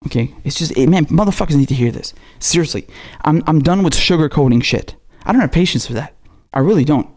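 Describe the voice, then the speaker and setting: A man's voice: on the high side, lively intonation, fast, a little mellow. A man not from America, a political commentator, delivering an angry, profane, scolding monologue. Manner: profane, scolding, repetitive and heated.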